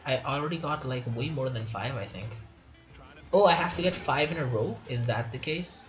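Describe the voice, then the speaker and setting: A man's voice: medium pitch, moderate pace, soft background music. A man giving casual, chatty gameplay commentary while playing through a game tutorial and reading its tips aloud.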